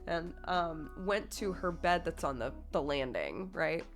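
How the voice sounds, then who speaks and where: A woman's voice: sits low, big pitch swings, unhurried, faint music behind. Chatty woman streamer telling a story. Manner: chatty, full of "like" fillers, laughs through the telling. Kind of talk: casual storytelling to a live stream chat.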